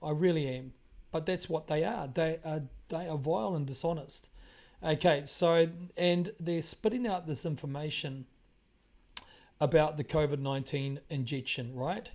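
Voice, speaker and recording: With a voice on the high side and a little mellow, the New Zealand host speaks at a moderate pace. His monologue on current events is emphatic, and he repeats phrases to make his points land.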